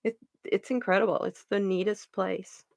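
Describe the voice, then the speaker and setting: Brief: mid-pitched woman host, earnest storyteller, dry close sound. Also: moderate pace, creaky, dry recording. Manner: earnest, animated, trailing restarts. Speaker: card reader and channel host. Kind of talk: casual storytelling chat.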